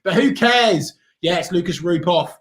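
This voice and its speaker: Footy fan guy on a watchalong, high voice, rowdy and giggly. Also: animated, unhurried. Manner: boisterous, shouts and sings at goals. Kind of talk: excited football watchalong chat.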